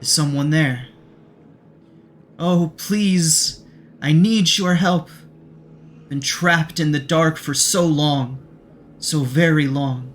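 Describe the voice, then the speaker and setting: A man's voice: on the high side, a little hiss or hum, voice pushed up. A man voicing a pleading trapped female spirit. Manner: slow, soft and imploring.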